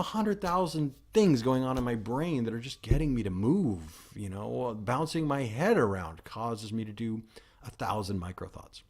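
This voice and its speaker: A man talking through ideas alone on his podcast, in a voice of ordinary middle pitch. He rambles, doubling back and restarting his sentences as he goes. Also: animated, normal speed. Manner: rambling, with frequent restarts and self-corrections. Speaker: podcast host. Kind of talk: solo explanatory podcast talk.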